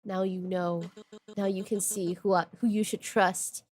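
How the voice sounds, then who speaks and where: A woman's voice: mid-range voice, level tone, measured pace, darkish tone, voice pushed down, natural voice. A woman voicing a harsh, domineering old male master who speaks with contempt, reading his lines from a game. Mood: cold. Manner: contemptuous, commanding.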